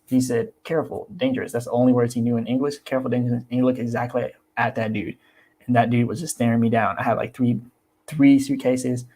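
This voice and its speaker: A man's voice: medium pitch, level tone, fairly quick, darkish tone. A young man chatting casually on his livestream about crypto. He talks animatedly, repeats himself and acts out the people he quotes. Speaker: crypto YouTuber.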